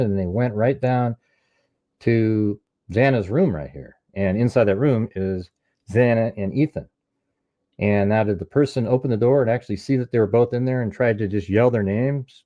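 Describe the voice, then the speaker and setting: Man, low mellow voice, dry muffled sound, methodical true crime breakdown. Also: dry recording. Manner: explains step by step, points out details. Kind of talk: casual analysis, walking through a recording.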